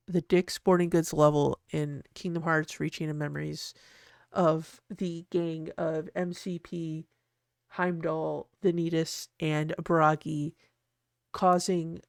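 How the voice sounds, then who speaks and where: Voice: medium pitch, creaky, no room sound, clean studio sound. A host in casual, rambling commentary while designing, often cutting themselves off and laughing.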